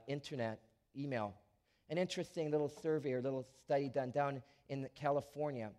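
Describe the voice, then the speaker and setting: A man preaching a sermon as a pastor, animated, swinging from quiet asides to loud emphatic lines with frequent restarts. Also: fairly high pitch.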